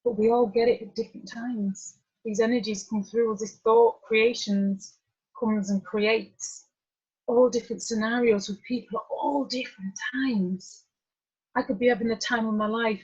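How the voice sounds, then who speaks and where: A woman's voice: fairly high pitch, a little mellow, husky. A middle-aged woman from northern England telling a personal story to a group, candid and conversational with drifting asides. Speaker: workshop speaker. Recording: muffled lo-fi recording.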